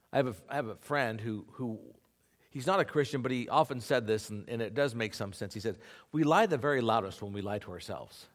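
Man, pastor giving a sermon, earnest conversational preaching, animated rising and falling voice. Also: medium pitch.

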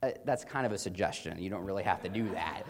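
A man's voice: low voice, animated, fast, voice pushed down. A man voicing his self-assured, middle-aged father, who waves off a warning in an offhand way. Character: confident middle-aged dad, brushing off warnings.

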